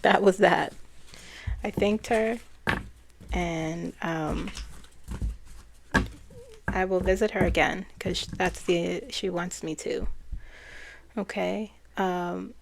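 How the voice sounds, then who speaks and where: Woman, spiritual card reader, unhurried, gravelly voice, hesitant retelling. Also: on the low side, steady tone, background noise. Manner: slow, hesitant, recounting messages with soft laughs. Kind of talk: casual spiritual chat.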